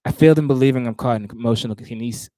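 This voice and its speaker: A man rehearsing his own spoken word poetry, reciting lines, stopping, and talking to himself about pauses before starting over. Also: dry recording. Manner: stops and restarts lines, talks asides to himself; rises louder and higher when reciting.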